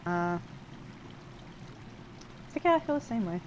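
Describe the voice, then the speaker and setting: A woman casually talks through a game playthrough, translating lines and rambling with fillers. Her voice sits at an ordinary middle pitch. A faint hiss of noise lingers behind her. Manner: chatty, rambling, many fillers and self-interruptions; paraphrases game dialogue in quick lively asides. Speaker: let's play host translating a game. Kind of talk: casual gameplay commentary.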